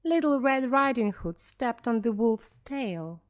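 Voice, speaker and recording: A woman narrating a children's story slowly and clearly for English learners. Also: a little high, lively intonation. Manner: clear and deliberate.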